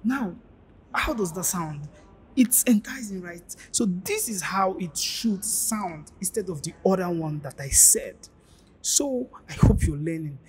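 A man's voice: high-pitched, expressive, a little slow, a little mellow, a little hiss or hum. A man giving informal career advice, emphatic and pleading, repeating his key points. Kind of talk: informal teaching monologue.

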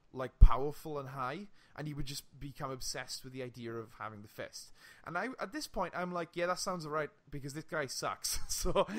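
A young man co-hosting a casual podcast, retelling a TV episode with lively swearing and frequent laughs. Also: medium pitch. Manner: animated storytelling, swearing, laughing often. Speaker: podcast co-host. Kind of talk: casual chat.

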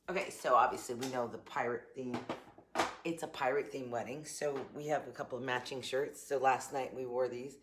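A middle-aged Southern woman vlogs from her home kitchen, chatting casually to camera in an upbeat, laughing way with a slight morning cough. Her bass voice holds a steady tone at a moderate pace, and the recording is very noisy.

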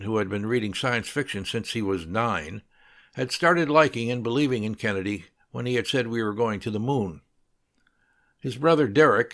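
A man narrating an audiobook with steady, scripted storytelling. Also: lowish voice.

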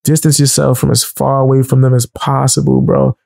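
Gravelly New man telling a story. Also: medium pitch, brisk, no room sound, rough recording. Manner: animated, profane, laughing storyteller. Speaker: show host. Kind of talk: casual storytelling.

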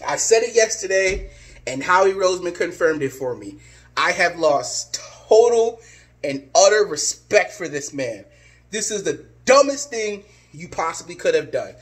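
A man's voice: high-pitched, big pitch swings, a little slow. A man ranting angrily as a sports fan vlogger, exasperated and repeating his insults. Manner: angry, exasperated, repetitive insults. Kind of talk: ranting vlog.

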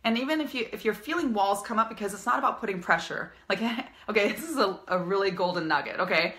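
A woman's voice: medium pitch, fast talker, bright, forceful tone. A woman business coach giving an upbeat, emphatic live-streamed coaching talk, repeating her key phrases.

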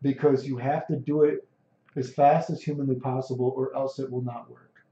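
A man's voice: mid-range voice, flat delivery, normal speed, warm tone. A man streaming a fighting game, commentating in a brash, boastful, profane way. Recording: echoey room, dull lo-fi mic.

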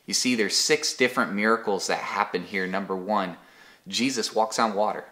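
Speaking at normal speed with a lowish, bright, forceful voice, a man leads an online Bible study in a casual, conversational devotional style. He repeats words as he restarts and tells examples from everyday life.

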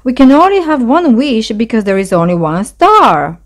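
A woman's voice: on the high side, sing-song, normal speed, pitched above the performer's own voice. A woman voicing a stubborn young male mouse in a storybook read-aloud, with a cross, grumbling edge.

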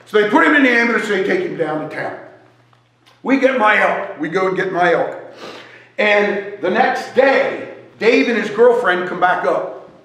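A man telling a joking, animated story as a sermon at a church service. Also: high voice, moderate pace. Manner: animated, joking storyteller who wanders while talking. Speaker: guest speaker at a church service. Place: church sanctuary. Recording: echoey church hall.

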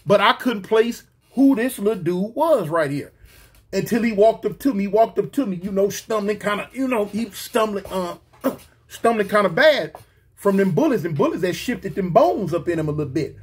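A man's voice: high-pitched, moderate pace, breathy edge. A man casually telling a street story in slangy talk, repeating himself and acting out quoted dialogue. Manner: slangy, repetitive, animated retelling with quoted dialogue.

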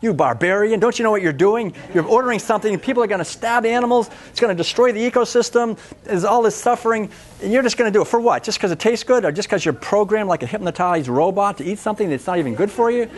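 A man's voice: high voice, lively intonation, pitched above the performer's own voice. A man putting on the voice of an outraged waiter who scolds a diner with accusing questions. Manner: indignant, accusing, rapid-fire questions.

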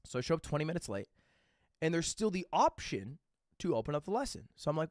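Animated man telling a rambling story. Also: a little high, fast, no echo, clean studio sound. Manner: animated, rambling anecdotes with frequent "okay?" and "right?" check-ins; casual and profane. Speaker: livestreamer. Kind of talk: casual storytelling to a live chat.

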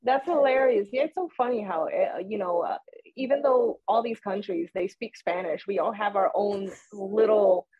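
A woman's voice: mid-range voice, moderate pace, no room sound. A woman from Puerto Rico hosting a podcast, chatting casually and telling stories with a lot of laughter. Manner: animated storyteller, laughs often. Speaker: podcast host. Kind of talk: casual interview chat. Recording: muffled lo-fi sound with a husky edge.

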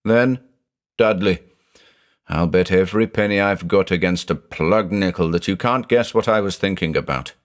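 A man doing a brisk stern psychiatrist. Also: sits low, close to an everyday voice. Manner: sharp, clipped. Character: stern male psychiatrist doctor, brisk and professional.

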